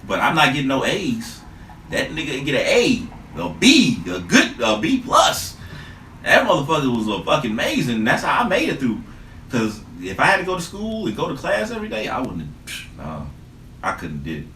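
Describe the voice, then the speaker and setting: A man hosting a podcast in casual chat, telling animated stories with lots of swearing. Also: mid-range voice, moderate pace, slight background noise. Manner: animated storytelling, heavy swearing. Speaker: podcast host. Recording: echoey room mic from a distance.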